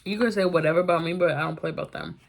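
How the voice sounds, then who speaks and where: A woman's voice: fairly low pitch, racing, vocal fry, a little hiss or hum. A young woman vlogger telling a personal story, candid and emphatic, in a casual storytime vlog.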